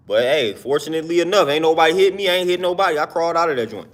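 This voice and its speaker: A man's voice: on the high side, animated, racing, few pauses. A young man in his twenties talking earnestly in a casual live-stream monologue, slangy and repeating himself for emphasis.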